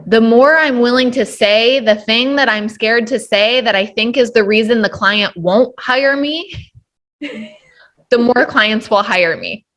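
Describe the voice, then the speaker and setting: A woman's voice: on the high side, unhurried, a bit bright. A woman hosting a casual podcast interview, enthusiastic and affirming, laughing often. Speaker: podcast host.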